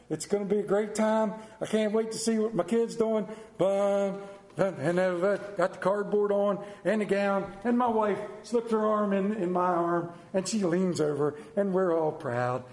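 A high-pitched man delivers a folksy sermon in a roomy, echoing church hall. He tells homely family stories and slips into squeaky kid voices to act them out. He sounds middle-aged. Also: darkish tone. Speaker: pastor.

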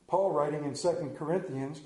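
A male pastor preaching a sermon, animated and self-deprecating, acting out scripture as he goes. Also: on the high side, brisk, echoey room.

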